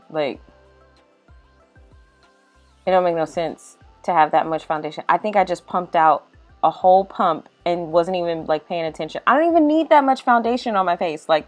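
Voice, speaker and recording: A young woman talks through her makeup in an easy, animated voice-over. Her voice sits a little low, and she drops "y'all" and "like" throughout. Soft music plays faintly under her. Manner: chatty, animated, says "y'all" and "like" a lot. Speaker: makeup vlogger. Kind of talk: casual voice-over chat.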